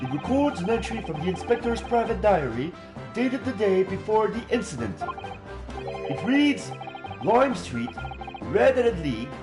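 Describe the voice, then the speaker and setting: A man voicing an earnest young male defense lawyer in a lively, questioning tone. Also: high-pitched, unhurried, echoey room, over music, voice pushed up.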